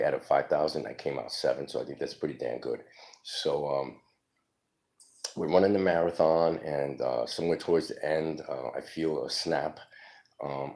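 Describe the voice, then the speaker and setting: A man in his forties telling stories from his life in a casual, rambling way, halting with many ums. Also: rumbling low, a little mellow. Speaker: storyteller. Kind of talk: casual personal storytelling.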